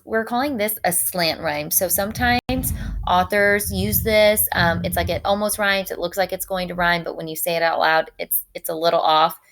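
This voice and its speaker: A woman teacher walking students through a poem, reading its lines slowly and explaining them briskly. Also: on the low side, vocal fry, fairly bright tone, a little hiss or hum. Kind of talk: recorded poetry lesson walkthrough.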